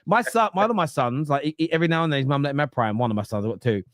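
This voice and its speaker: Animated, higher-voiced English man. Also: rapid-fire, dry recording, clean studio sound. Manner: animated, swears freely, acts out quotes. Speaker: podcast host. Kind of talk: casual football podcast chat.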